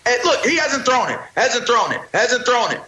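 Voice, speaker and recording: A man's voice: extremely high pitch, big pitch swings, moderate pace, pushed and bright, reverberant, rough recording. A man co-hosting a heated sports debate show, arguing emphatically and repeating phrases to build his point. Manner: emphatic, repetitive, preacher-like build-ups.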